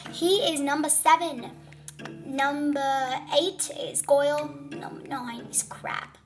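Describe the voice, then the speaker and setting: A child with a high voice speaks slowly, playing a boastful, scatterbrained witch villain in a fan role-play video. The mood is gleeful, with background music behind her.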